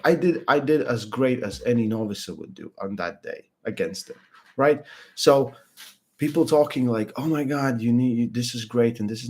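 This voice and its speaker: A young man chatting casually about arm wrestling, blunt and halting, full of restarts and fillers. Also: mid-range voice, darkish tone, slightly rough. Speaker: arm wrestling podcast regular. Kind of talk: casual chat.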